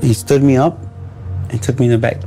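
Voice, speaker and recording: Gravelly, dark-voiced man telling his story. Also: mid-range voice, steady tone, fairly quick, faint music behind. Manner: vivid storyteller, acts out dialogue, blunt and profane. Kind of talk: recounted personal story in a podcast interview.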